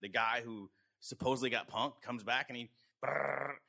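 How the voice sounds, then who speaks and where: A middle-aged American man chatting on a podcast, telling profane, animated stories. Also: medium pitch, brisk. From United States. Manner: profane storytelling, quotes himself animatedly. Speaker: podcast guest. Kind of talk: casual podcast chat.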